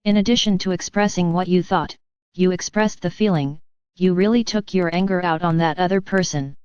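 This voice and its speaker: A woman delivering a channeled spiritual message, speaking gently and patiently to her listeners. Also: on the low side, normal speed, smooth, no room sound, dull audio. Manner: gentle, patient, addresses listeners as dear ones.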